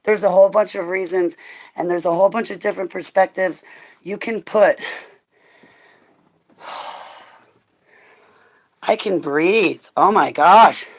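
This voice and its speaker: A stressed woman hosts a rambling livestream chat with viewers, getting emotional and profane, laughing often and sometimes praying aloud. Her voice is fairly low and measured with long pauses, captured on a low-quality recording.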